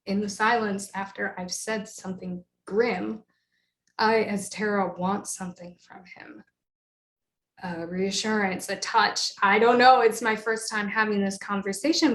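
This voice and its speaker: A woman performing a solo theatre monologue, narrating in a wry, self-doubting way. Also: medium pitch. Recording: roomy echo.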